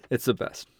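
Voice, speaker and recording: A man hosts a podcast and chats casually with obvious enthusiasm, laughing frequently as he talks.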